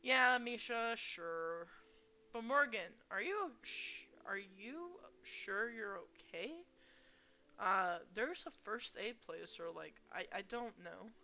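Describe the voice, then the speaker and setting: A woman voicing an excitable, goofy teenage boy who rambles and hesitates in a game voice-over. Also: sits high, slow, exaggerated voice. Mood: concerned. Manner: rambling, hesitant, filler-heavy.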